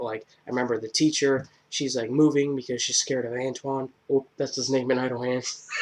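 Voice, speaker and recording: A man giving a casual spoken movie review, rambling with lots of fillers and a crude, irreverent sense of humor. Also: mid-range voice. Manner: rambling, filler-heavy, joking retelling.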